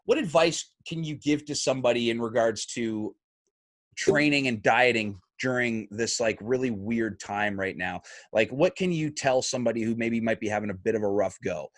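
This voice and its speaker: A man's voice: medium pitch, moderate pace, dry recording, studio quality. A man hosting a casual podcast, telling stories with lots of energy and cursing freely. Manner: lively, swears freely, acts out quotes. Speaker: podcast host. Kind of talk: casual chat, animated storytelling.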